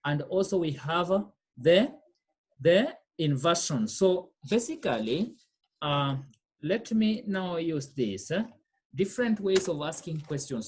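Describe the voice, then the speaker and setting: A woman's voice: low voice, lively intonation, a little slow, darkish tone, husky. Patient woman teaching French. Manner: explains patiently, repeats phrases, checks understanding with "okay?". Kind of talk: online class lesson.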